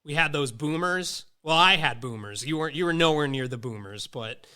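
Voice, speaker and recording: Guy late 30s swearing his way thru old stories, bright clear voice, does all the voices. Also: on the high side, moderate pace. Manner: profane, animated, acts out quoted voices. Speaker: podcast host. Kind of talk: casual storytelling chat.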